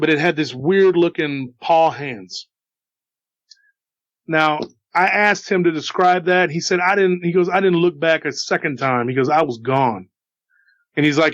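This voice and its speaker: A man's voice: fairly high pitch, fairly bright tone, no room sound. Rambling man retelling a spooky story. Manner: rambling, repeats "he goes" and restarts often. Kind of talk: casual retelling of an eyewitness story. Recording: dull lo-fi dry recording.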